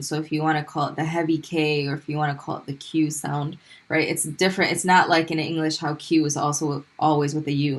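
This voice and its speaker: A woman teaching a language lesson, patiently explaining letters and slowly repeating sounds for students to copy. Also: low-pitched. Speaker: Arabic teacher. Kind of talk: classroom lesson explaining pronunciation.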